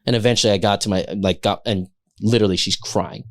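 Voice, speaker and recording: Man telling animated kitchen stories. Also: on the low side, fast talker. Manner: animated, acts out quoted voices. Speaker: chef guest. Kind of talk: casual podcast storytelling.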